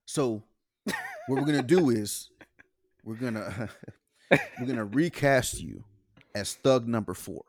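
A man voicing a casting boss who softly and hesitantly breaks bad news to an actor. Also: mid-range voice, very animated, slow, long pauses, no room sound, pitched below the performer's own voice, exaggerated voice. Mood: sheepish. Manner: hushed, hesitant, apologetic.

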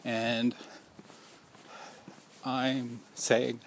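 A man's voice: medium pitch, little pitch movement, drawn-out words, slight background noise. A man speaking out as a survivor in an impassioned personal monologue, earnest and accusing, piling up repeated rhetorical questions.

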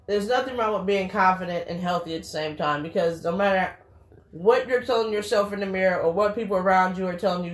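A blunt woman co-hosting a casual talk show, preaching frankly and swearing now and then. Her voice sits in a middle register and rings with the echo of a roomy space. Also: medium pitch. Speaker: podcast co-host. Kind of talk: casual chat.

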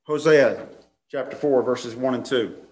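A man's voice: mid-range voice, measured pace, darkish tone. Male pastor at the pulpit, methodical sermon, reads verses aloud, mid-range voice. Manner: outlines points, reads scripture aloud, restarts phrases. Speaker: preacher.

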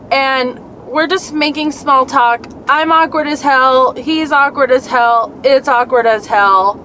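Young woman vlogger, high voice, swears a lot, rambling story told from a car with faint traffic behind. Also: low-quality recording. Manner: profane, rambling, animated storytelling. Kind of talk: casual storytelling while driving. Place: car on city streets.

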